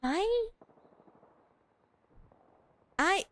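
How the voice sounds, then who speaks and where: A woman's voice: extremely high pitch, lively intonation, slow pace, fairly bright tone, no room sound. A woman streaming a game, chatting casually with giggly, rambling trash talk. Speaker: gaming streamer. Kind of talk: casual live-stream chat.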